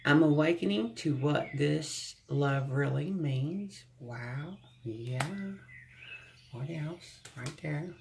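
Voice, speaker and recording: A tarot reader giving a gentle, channeled reading to viewers, often humming and sighing and sounding close to tears. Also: mid-range voice, takes it slowly, creaky, background noise. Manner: speaks with emotion, close to tears at times.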